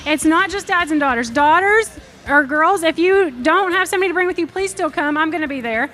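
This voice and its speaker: An upbeat woman with a very high, bright voice gives event announcements at a youth gathering. She keeps things encouraging and friendly. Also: expressive, fairly quick. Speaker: youth group co-host. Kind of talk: live announcements and banter.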